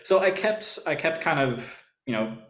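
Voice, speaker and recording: A young man from New York with a general American accent, chatting in a relaxed, rambling way as a guest musician. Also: on the high side, measured pace. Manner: relaxed, rambling, laughs often. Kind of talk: casual interview chat. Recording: roomy echo.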